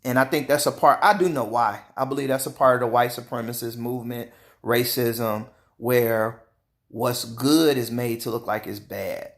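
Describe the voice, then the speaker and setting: A man talking straight to his viewers in a casual opinion monologue, animated, laughing often and repeating words. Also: mid-range voice, moderate pace. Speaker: vlogger.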